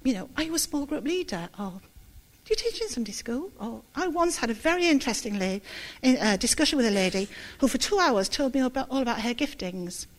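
A middle-aged woman giving a candid, self-deprecating church testimony, halting and close to tears. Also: high voice, very animated. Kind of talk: sermon with personal testimony.

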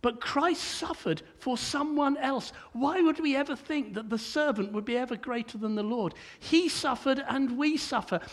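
Older male preacher, very high voice, chatty sermon full of stammered restarts. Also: normal speed, hardly any pauses.

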